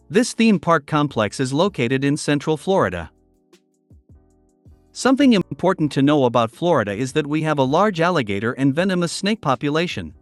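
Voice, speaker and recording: A man narrating online stories in a steady, even reading voice. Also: on the high side, dry recording.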